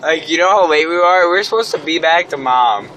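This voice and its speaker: A man's voice: a little high, expressive, a little fast, pushed and bright, a little hiss or hum, poor audio. A man bantering with a friend inside a car, teasing him with prodding questions. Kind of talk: casual improvised banter.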